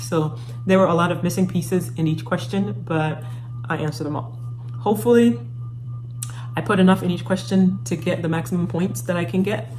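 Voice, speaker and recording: Young woman, low voice, anxious rambling vlog talk, lots of fillers, faint background hiss. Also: a little mellow, low-quality recording. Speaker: law student vlogger. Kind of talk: casual vlog talk to camera.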